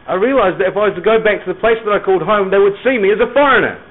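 A man's voice: high-pitched, rapid-fire. Earnest man giving testimony over a tinny line. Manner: earnest, emphatic storytelling. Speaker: Christian speaker. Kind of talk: personal testimony talk. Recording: tinny phone-like recording.

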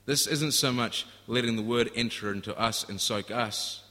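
A man's voice: medium pitch, moderate pace, pushed and bright. A man preaching a sermon in an earnest, storytelling way, often restarting his phrases. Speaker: pastor. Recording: echoey hall.

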